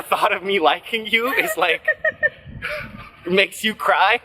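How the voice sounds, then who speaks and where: A man's voice: high voice, wildly swooping pitch, slow, slight background noise. A man in his twenties telling a personal story for his vlog, rambling and self-deprecating, with lots of "like" fillers. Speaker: vlogger.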